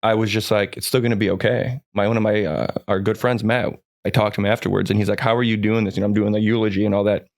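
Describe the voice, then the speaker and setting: Low-voiced upbeat man telling stories. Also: flat delivery, fast talker, few pauses, darkish tone. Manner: rambling, earnest, upbeat, many restarts. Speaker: podcast guest. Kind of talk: personal storytelling in a podcast chat.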